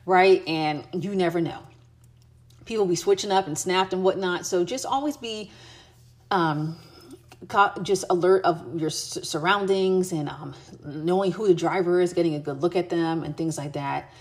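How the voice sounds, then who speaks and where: A woman's voice: on the low side, normal speed. An American woman giving travel tips in a casual, chatty way, with many fillers and restarts. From United States. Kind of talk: casual advice chat.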